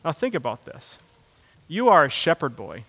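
High bright-voiced preaching man, echoing hall. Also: sing-song, normal speed. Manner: builds to loud impassioned preaching, then drops low. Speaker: pastor. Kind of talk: sermon. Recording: long hall reverb.

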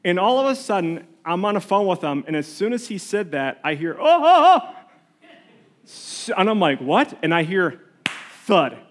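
Guy with a pretty high voice preaching in church, chatty storytelling, restarts a lot. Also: animated, brisk, few pauses, a bit bright. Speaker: pastor. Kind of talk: sermon with prayer. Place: church sanctuary.

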